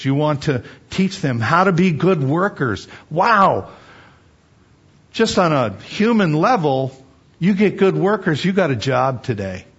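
An older man preaching a sermon on parenting in a conversational, animated way that rises to excited emphasis. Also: medium pitch. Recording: dull lo-fi recording.

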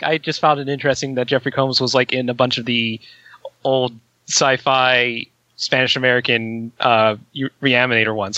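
A man's voice: medium pitch, bright, forceful tone, dry recording, highs cut off. A man co-hosting a casual podcast chat, stammering a little and giggling.

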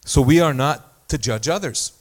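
A man's voice: mid-range voice, normal speed. A man preaching a sermon as pastor, talking in a conversational way with self-deprecating asides and small stories.

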